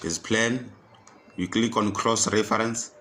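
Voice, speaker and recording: A man tutoring computer skills, walking through a software task step by step and repeating each instruction. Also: on the low side, fairly even intonation, unhurried. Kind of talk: screen-recorded software tutorial.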